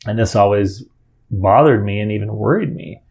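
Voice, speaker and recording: A man's voice: lowish voice, moderate pace, gravelly, darkish tone, slightly rough. A middle-aged father telling a personal story in a casual, earnest way, rambling and often restarting his sentences.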